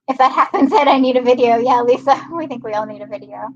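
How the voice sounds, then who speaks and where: With a fairly high voice and a fairly quick pace, a young Maryland woman hosts a casual livestream, reading viewer comments, chatting, and laughing a lot. The audio quality is lo-fi.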